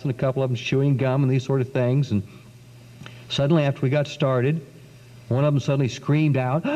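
A middle-aged man giving a religious testimony talk, telling his story with lively acted-out quotes. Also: medium pitch. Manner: animated storyteller, acts out quotes. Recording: dull 1990s recording in a reverberant hall.

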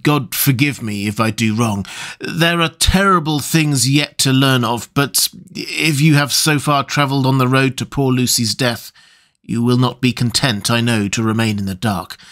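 A sorrowful gentleman doctor from a gothic audiobook, read by a male narrator. He talks in a measured, formal and solemn way at an ordinary mid pitch. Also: close to an everyday voice. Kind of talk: audiobook character reading.

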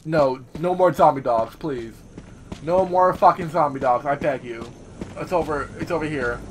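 A man giving profane, jumpy let's-play commentary, yelling at the game as he plays. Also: a little high, normal speed, a little hiss or hum. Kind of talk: gameplay commentary.

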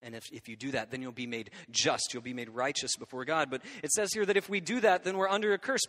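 A man in his thirties, a pastor delivering a lively, conversational sermon and often checking in with his listeners. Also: mid-range voice, quick pace. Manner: animated, conversational preaching with frequent check-ins to the audience. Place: church hall. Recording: hall reverb.

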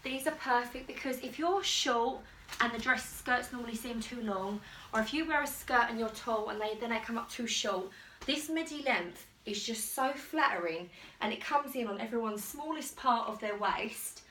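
A woman fashion vlogger, speaking at normal speed in a slightly high, bright, forceful voice, chats eagerly and rambles while trying on clothes at home for a haul. The distant mic picks up an echoey room and slight background noise.

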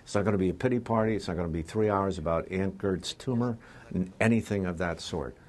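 An older man, a radio talk show host, speaking candidly in a news interview, with pauses and fillers. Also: low voice, a little mellow. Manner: candid, plainspoken, slow with pauses.

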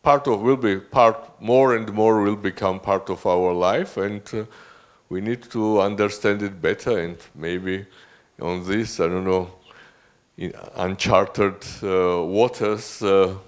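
A man hosting an event gives a short spoken introduction, halting and hesitant, with many fillers and restarts. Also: lowish voice. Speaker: event host.

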